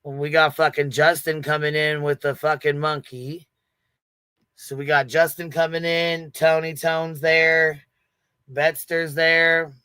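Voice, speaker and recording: A man's voice: fairly high pitch, little pitch movement, takes it slowly, bright, forceful tone, smooth, dry recording. Brash, profane male livestream host. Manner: brash, profane, laughing often. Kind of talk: casual livestream chat.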